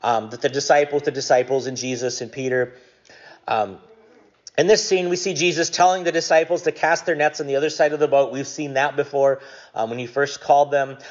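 A man preaching a conversational sermon, relaxed and jokey, with frequent ums. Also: mid-range voice, brisk. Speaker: pastor. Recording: dull lo-fi recording.

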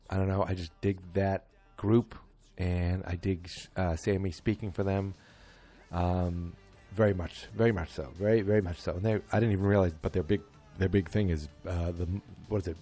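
A middle-aged man with a lowish voice hosts a casual chat show, rambling through his thoughts with plenty of ums and dry, self-mocking humor. Faint music plays underneath him. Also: mellow. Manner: rambling, wry, self-deprecating, many fillers. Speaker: podcast host.

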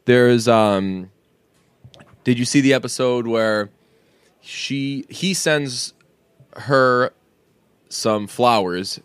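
A man's voice: mid-range voice, very slow, long pauses, clean tone, no room sound. Male podcast co-host, casual and profane, rambly; dry close mic. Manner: profane, rambling, laughs often.

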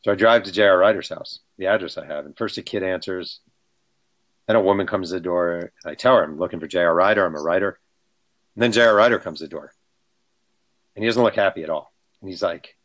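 A man with a somewhat low voice spins anecdotes in relaxed talk. He is an author guest, animated, and slips into the voices of the people in his stories. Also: fast talker, pauses often. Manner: animated, acts out quotes. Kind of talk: casual storytelling.

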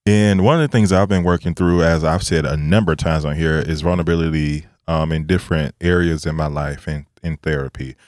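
Deep-voiced man hosting a relaxed chat. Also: brisk, hardly any pauses, no echo, clean studio sound. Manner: relaxed, reflective, many fillers and laughs. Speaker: podcast host. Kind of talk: casual chat.

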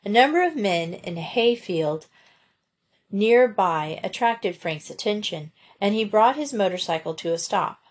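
A woman reading a chapter of a children's adventure storybook aloud, at a measured, even pace. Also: medium pitch. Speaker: audiobook reader. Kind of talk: storybook narration.

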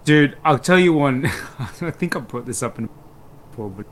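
A man's voice: mid-range voice, normal speed, poor audio. Rambling man chatting. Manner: rambling, animated storyteller. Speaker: podcast co-host. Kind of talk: casual chat.

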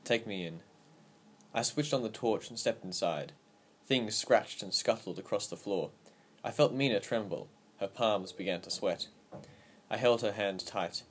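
A man narrating a story aloud in a steady, even storytelling manner. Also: on the low side, moderate pace, slight background noise. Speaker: audiobook narrator. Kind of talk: scripted narration.

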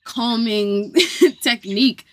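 A woman's voice: fairly high pitch, lively intonation, very slow. A woman, a guest on a casual podcast, speaking frankly, swearing freely and laughing as she tells her stories. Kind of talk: casual chat.

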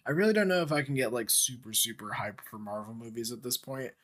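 A man's voice: mid-range voice, animated, quick pace, a bit bright. Laid-back young man, casual podcast chat. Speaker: podcast co-host.

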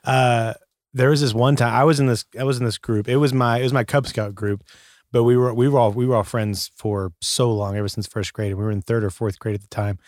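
A man's voice: medium pitch, fairly even intonation, a little fast, a little mellow, no echo, studio quality. A man co-hosting a casual chat, telling a rambling story and laughing often. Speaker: podcast co-host.

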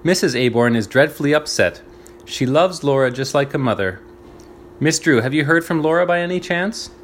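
A man reading a gruff crafty guardian. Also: on the high side, expressive, moderate pace, slight background noise, close to an everyday voice. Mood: smooth. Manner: barking, then falsely pleasant. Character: angry crafty middle-aged male guardian.

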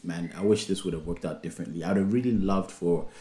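A man's voice: sits low, quick pace, dark tone. A young man chatting casually as a podcast co-host, rambling with many fillers and restarts. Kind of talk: casual chat.

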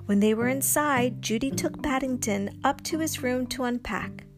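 A woman reading a children's story aloud, expressive and lively. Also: sits high, moderate pace, music in the background.

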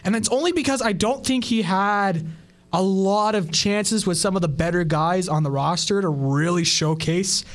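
A man with a notably high voice co-hosts a casual podcast. He chats wryly, often stumbling over his words and restarting his sentences. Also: moderate pace. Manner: stammers and restarts, wry and joking. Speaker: podcast co-host. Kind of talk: casual chat reviewing a wrestling show.

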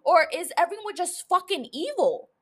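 A woman with an extremely high-pitched voice and lively intonation talks at a normal speed. She's hosting a casual solo podcast from her room into a studio mic, blunt and emotional, swearing freely as she rants and gushes.

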